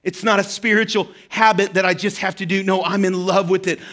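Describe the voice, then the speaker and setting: High-voiced impassioned male pastor. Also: little pitch movement, fairly quick, fairly bright tone. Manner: impassioned, rising for quoted words. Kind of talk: sermon. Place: church hall.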